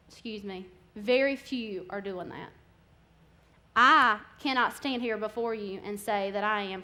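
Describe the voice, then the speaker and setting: A woman's voice: a little high, fairly bright tone. Impassioned young woman preaching. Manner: candid, impassioned, conversational preaching. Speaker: guest speaker. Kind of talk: sermon.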